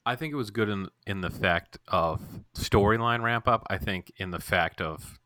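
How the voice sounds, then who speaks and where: A man's voice: on the low side, normal speed, bright, forceful tone, no room sound. Blunt man co-hosting a casual chat. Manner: blunt, dry and profane. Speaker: podcast co-host.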